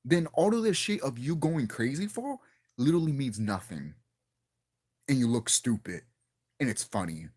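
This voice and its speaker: A man's voice: medium pitch, very animated, normal speed, pauses often, a little mellow, husky. A young man ranting casually to his viewers as a wrestling vlogger, profane and exasperated, often restarting and repeating himself.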